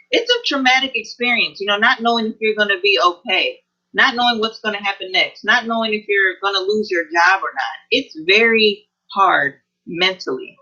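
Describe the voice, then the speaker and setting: A woman guest on an online interview, talking in an earnest, halting way about her experience. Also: medium pitch, sharp tone. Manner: earnest, halting with frequent pauses. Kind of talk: personal testimony in an online interview. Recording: dull lo-fi video call audio.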